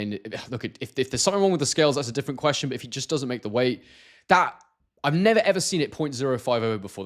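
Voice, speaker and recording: Guy from scotland chatting on a live stream, mid pitch, lots of ums and restarts. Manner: hesitant, many fillers and restarts. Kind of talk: casual live-stream chat, reading viewer comments.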